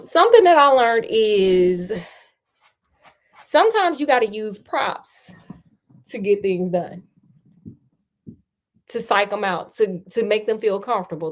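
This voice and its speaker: A woman's voice: medium pitch, normal speed. A woman casually retelling a detective story in a chatty, slangy, playful way.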